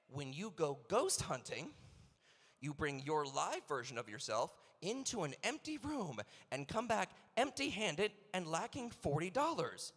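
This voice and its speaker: A high, bright-voiced man does a stand-up bit as emcee, firing off rambling rhetorical questions with lively swings in pitch. He is on a PA mic in a large convention hall, and his voice trails off in a long echo. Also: unhurried, breathy edge.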